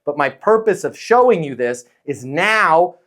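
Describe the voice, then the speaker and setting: A man coaching a live audience on sales, energetic and direct, repeating his key lines. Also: a little high, unhurried. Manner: energetic, acts out sales calls.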